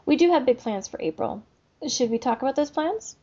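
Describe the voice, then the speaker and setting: A woman's voice: sits high, lively intonation, a little fast, warm tone, muffled recording. A woman co-hosting a book podcast, chatting casually in an easygoing way. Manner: easygoing, laughs along often. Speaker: podcast co-host. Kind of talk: casual chat.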